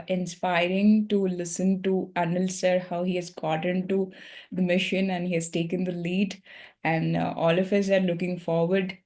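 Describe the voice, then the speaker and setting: A woman's voice: lowish voice, darkish tone. A woman co-hosting an online meditation meeting, giving polite closing remarks with many fillers. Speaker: meeting co-host.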